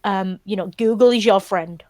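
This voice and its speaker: A woman's voice: mid-range voice, moderate pace, a little mellow, no room sound. A woman co-hosting a podcast panel, talking bluntly and swearing freely as she explains her view. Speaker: podcast co-host. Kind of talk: casual panel discussion.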